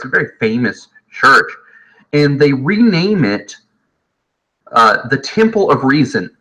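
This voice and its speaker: A man teaching history from home in a casual, jokey lecture, often slipping into quick voices of historical people. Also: medium pitch, bright, forceful tone, rough recording.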